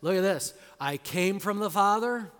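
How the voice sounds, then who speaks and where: A man preaching an expository sermon, stressing words loudly and dropping to quiet, low endings, sometimes drawing single words out slowly. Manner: emphatic, swings between loud stresses and quiet low endings; drawn-out slow emphasis on key words. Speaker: pastor. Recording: long hall reverb.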